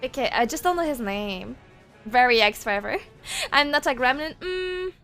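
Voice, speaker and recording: High-voiced woman streamer, laughing and rambly. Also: lively intonation, normal speed, fairly bright tone. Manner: laughs often, swears casually, rambly. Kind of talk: casual livestream chat, reading chat aloud. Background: faint game-soundtrack music.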